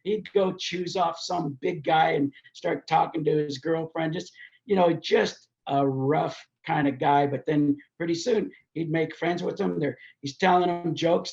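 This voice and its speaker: A man's voice: a little high, gravelly, dull audio. An older man, a race promoter, telling anecdotes as a podcast guest and acting out the voices of the people in his stories. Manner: animated, acts out quoted voices while telling anecdotes. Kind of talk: storytelling in a podcast interview.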